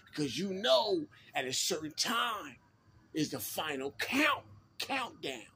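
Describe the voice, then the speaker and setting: Laid-back slangy storyteller, high voice. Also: male voice, expressive, a little slow, bright, forceful tone, a little hiss or hum. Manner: laid-back street slang, repeats himself. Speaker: channel host telling a prison story. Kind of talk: casual storytelling.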